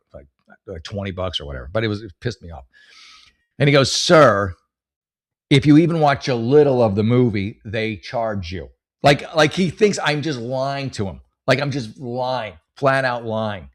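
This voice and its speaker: A middle-aged man hosting a comedy podcast, telling rambling stories with lots of cursing and restarts. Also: on the low side. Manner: rambling, swearing, storytelling with many restarts. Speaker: podcast host. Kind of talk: casual comedic monologue.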